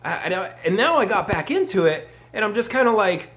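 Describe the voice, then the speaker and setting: A man's voice: high voice, very animated, fairly quick, a bit bright, a little hiss or hum. A man giving a casual, rambling crypto opinion vlog, self-mocking and joking with his viewers. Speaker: crypto commentator.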